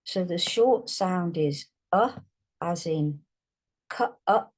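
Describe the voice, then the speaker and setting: Slow patient woman teaching phonics. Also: lowish voice, darkish tone. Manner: slow, drawn-out sounding out of words. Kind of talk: phonics lesson.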